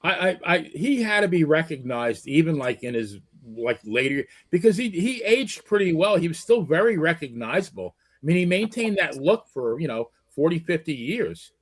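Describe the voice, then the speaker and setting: A man's voice: fairly high pitch, big pitch swings, normal speed, few pauses, husky. A male co-host reading out listener questions in a casual, hesitant way, with stammers and fillers. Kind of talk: casual chat.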